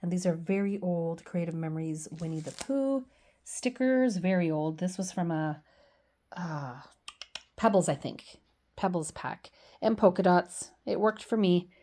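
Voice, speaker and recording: A woman's voice: fairly low pitch, moderate pace, dark tone. A middle-aged woman chatting casually as she shows off her scrapbook pages, gushing and poking fun at herself. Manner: chatty, gushing, self-deprecating. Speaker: scrapbooking vlogger. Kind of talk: casual show-and-tell chat.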